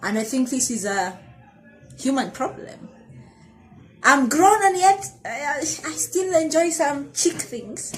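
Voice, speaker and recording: This vlogger, a woman in her thirties, talks frankly to camera in a confessional, reflective way, frequently fixing her words mid-sentence. She speaks slowly in a high, expressive voice. Soft music plays in the background, and the audio is poor.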